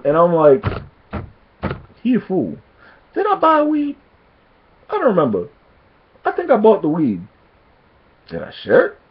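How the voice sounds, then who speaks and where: In a high, slightly rough voice, a man from Jamaican heritage tells his camera a casual story, though the highs are cut off in the audio. He narrates animatedly, often laughing and acting out quotes.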